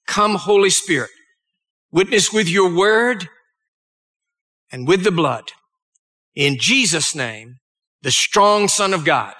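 Bright, high-voiced male preacher. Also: lively intonation. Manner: reads scripture aloud, pausing to explain and pray. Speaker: pastor. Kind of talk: sermon with scripture reading.

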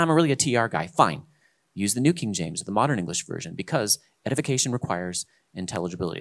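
A man hosting a casual discussion, talking in an emphatic, lecturing way that swings between loud stresses and quiet asides. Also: lowish voice.

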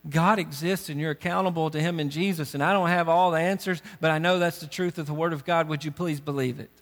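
A man's voice: fairly high pitch, fairly even intonation, quick pace. A male pastor giving a sermon, earnest and urgent, pressing direct questions on his congregation. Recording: long reverb of a big hall.

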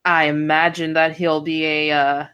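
A woman playing a tabletop game who speaks in a formal, measured, somewhat hesitant manner in character. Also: sits low, flat delivery, fairly bright tone, smooth, muffled recording. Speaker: player.

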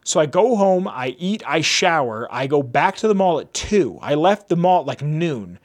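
A young man who hosts a podcast speaks at a moderate pace in a highish voice, recounting a lengthy story in a loose, rambling way. He uses "like" a lot and acts out quoted dialogue with animation.

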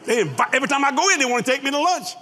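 A man's voice: extremely high pitch, animated, rapid-fire, sharp tone. A man preaching a sermon, folksy and boastful, laughing at his own lines. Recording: long hall reverb.

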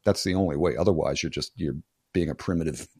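Low-voiced, blunt, profane older man. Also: fast talker, a little mellow, slightly rough, dry recording, studio quality. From United States. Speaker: guest. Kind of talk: casual conversational interview.

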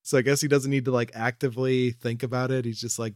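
A man's voice: medium pitch, flat delivery, fast, no echo, clean studio sound. Laughing, profane man in casual chat. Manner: laughing often, loose and profane. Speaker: podcast co-host. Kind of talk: casual chat recapping a TV episode.

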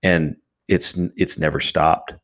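A man telling a story as a guest in an interview, acting out the quoted exchanges with animated voices. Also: a bass voice, measured pace. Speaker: charity founder, guest.

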